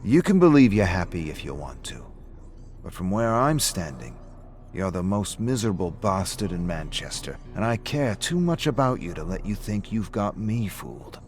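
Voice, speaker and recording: Man doing a sardonic pub owner, dry and measured, low voice. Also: sing-song, darkish tone, soft background music. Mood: earnest. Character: calm, probing, sardonic male pub owner and old friend. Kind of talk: audiobook-style story reading.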